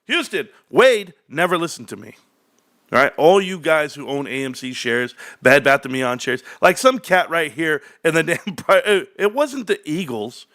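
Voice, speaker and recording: Man, livestream host, high voice, hyped and loud, rambling rant to a live chat. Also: very animated, moderate pace. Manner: hyped, loud and rambling, jumping between topics. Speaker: stock market livestream host.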